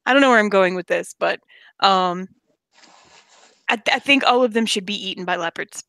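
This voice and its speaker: A woman's voice: mid-range voice, normal speed, fairly bright tone, no room sound. A woman hosting a late-night livestream, tired after hours of streaming, rambling and goofy with frequent giggles. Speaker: livestream host. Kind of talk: late-night casual chat.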